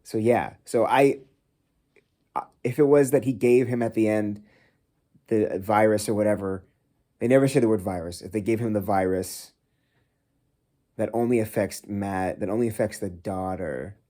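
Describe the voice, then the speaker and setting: A man's voice: on the low side, normal speed, pauses often, dark tone. Rambling, foul-mouthed man ranting while cooking. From United States. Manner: swears a lot, rambling and exasperated. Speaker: vlogger reviewing a film. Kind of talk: casual rant. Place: home kitchen, cooking. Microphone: phone.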